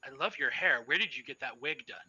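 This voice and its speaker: A man's voice: a little high, lively intonation, fast talker, pushed and bright, breathy edge, full character voice, poor audio. A man voicing a flamboyant, catty male vampire in a tabletop role-playing game. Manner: catty, affected.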